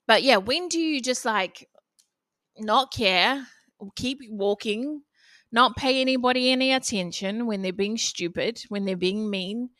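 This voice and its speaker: A woman's voice: mid-range voice, fairly bright tone, dry recording. A young woman hosting a solo motivational podcast, talking bluntly and casually and swearing freely. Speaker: podcast host.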